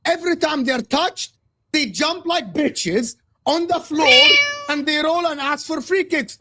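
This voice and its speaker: A man's voice: very high-pitched, unhurried, crowd noise. A man from Egypt, a guest football pundit, ranting passionately about football on a live stream and repeating his points.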